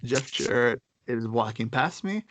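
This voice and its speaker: A man's voice: medium pitch, expressive, a little slow, a bit bright, a little hiss or hum. A young man telling a story in casual chat, rambling with lots of fillers and restarts.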